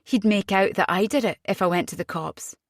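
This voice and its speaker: A woman reading an audiobook voices an agitated young mother, fierce and frightened, her voice jumping high when upset. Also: a little fast, dry recording, studio quality, close to an everyday voice.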